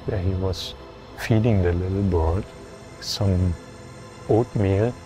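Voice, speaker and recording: Man, lowish pitch, disciple reminiscing, habitual "no?" tags. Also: fairly even intonation, slow, warm tone, faint music behind. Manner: keeps adding a questioning "no?" to his sentences. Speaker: disciple recalling his teacher. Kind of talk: reminiscent talk.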